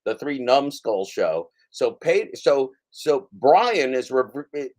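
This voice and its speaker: A man hosts a livestream with a loose, rambling rant, taunting and cursing as he goes. His voice sits at an ordinary male middle pitch, with casual, unpolished delivery. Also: big pitch swings, slow, darkish tone. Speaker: livestream host. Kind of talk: ranting casual commentary.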